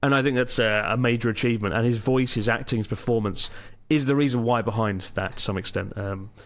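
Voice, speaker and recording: A man's voice: mid-range voice, fast. A man hosting a casual podcast chat, telling stories with enthusiasm and plenty of swearing. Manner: swears freely, enthusiastic storytelling. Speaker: podcast host.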